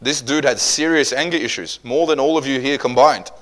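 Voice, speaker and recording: A man preaching a sermon, telling stories with humor and swinging from loud outbursts to hushed asides. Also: medium pitch, a little fast.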